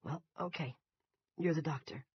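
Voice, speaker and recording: A woman's voice: sits low, moderate pace, husky, dull audio, voice pushed up. A man voicing a tough, defiant woman pastor. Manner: defiant, sharp-tongued.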